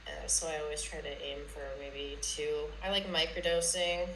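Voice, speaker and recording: A young woman talking casually and bluntly, with a bright, sharp voice. The room sounds echoey, and faint noise runs under her. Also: deep voice, fairly even intonation, normal speed. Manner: chill, blunt, swears casually, says 'bro'. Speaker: podcast guest. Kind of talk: casual chat.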